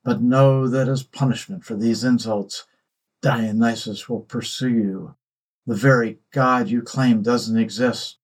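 A man voicing a calm, mysterious god in disguise who speaks quietly and without concern. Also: mid-range voice, unhurried, natural voice.

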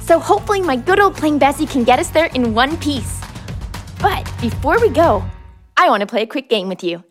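A woman's voice: sits high, animated, fairly quick, soft background music. A woman hosting a children's wildlife show, presenting in a bubbly, playful way with comic asides. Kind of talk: playful scripted presenting for kids.

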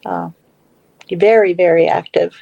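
A woman's voice: fairly low pitch, fairly even intonation, unhurried, creaky, mellow, husky, highs cut off. A middle-aged woman telling a personal story as a guest in a casual talk, with many fillers and restarts. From Western Pennsylvania / Ohio area.

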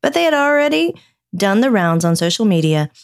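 A woman's voice: mid-range voice, sing-song, fairly quick. A woman co-hosting a podcast who reads news stories aloud and teases her co-host, laughing often. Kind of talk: casual chat and reading news aloud.

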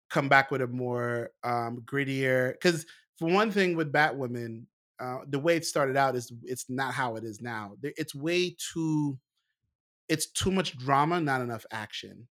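A man in a casual chat about TV shows, relaxed and opinionated, often restarting his sentences. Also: medium pitch, measured pace.

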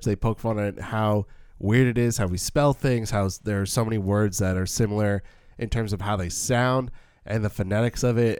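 A man co-hosting a casual film podcast, opinionated and halting, repeating words as he goes. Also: lowish voice, darkish tone, clear, resonant tone, no room sound, clean studio sound. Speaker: podcast co-host.

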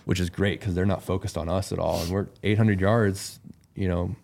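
A calm, laid-back man telling a story as a podcast guest in casual conversation. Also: low-pitched, moderate pace, creaky.

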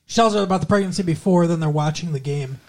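A man's voice: on the high side, fast talker, a little mellow. A man co-hosting a podcast, chatting casually about a TV episode and acting out lines in silly voices. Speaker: podcast co-host. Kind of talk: casual chat recapping a TV episode.

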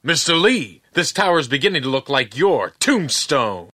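A man's voice: medium pitch, big pitch swings, normal speed, bright, forceful tone, dry recording, clean studio sound. An actor playing an over-the-top male American action hero in an old video game clip, delivering lines stiffly. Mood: hammy.

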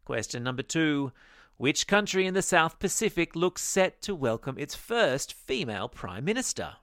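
A man's voice: fairly high pitch, sing-song, moderate pace, a bit bright. A man hosting a daily kids' news podcast, reading scripted stories in a playful, upbeat way with jokey asides. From Australia. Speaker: news podcast host for kids. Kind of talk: scripted news narration for kids.

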